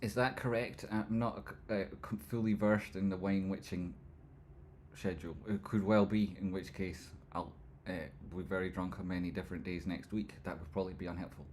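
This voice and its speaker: Man, livestream host, casual chat, jokey and rambling, reads comments aloud, lowish voice. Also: fairly even intonation, a little mellow, slight background noise. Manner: joking, rambling, quick jumps between banter and analysis.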